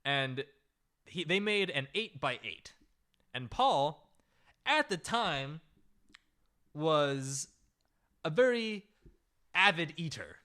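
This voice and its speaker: A man hosting a comedy podcast, telling a story in a loose, animated way with lots of "like" and "right?". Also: a little high, drawn-out words, long pauses. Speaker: podcast host.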